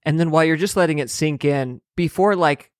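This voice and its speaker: A man's voice: a little high, brisk, no echo, clean studio sound. A man co-hosting a podcast in casual chat, making wry, joking asides. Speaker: podcast co-host.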